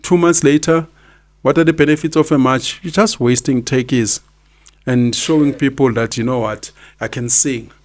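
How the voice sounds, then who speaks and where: A man's voice: mid-range voice, fairly even intonation, normal speed. A South African man in his fifties hosting a podcast, giving opinionated commentary and hammering home his points by repeating them. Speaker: podcast host.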